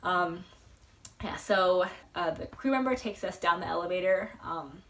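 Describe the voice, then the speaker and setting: A young woman telling a story as a vlogger, rambling and excitable, full of fillers. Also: on the low side, a little slow. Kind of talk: casual storytelling. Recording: voice a bit far from the mic.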